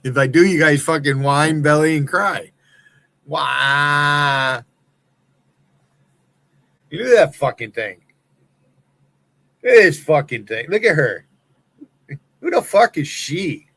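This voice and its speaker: Us guy ranting on his stream, swearing a lot, angry and accusing, slightly high voice. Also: animated, measured pace, pauses often, fairly bright tone. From United States. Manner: heated, profane, accusatory. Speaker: livestream host. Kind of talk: angry profane rant.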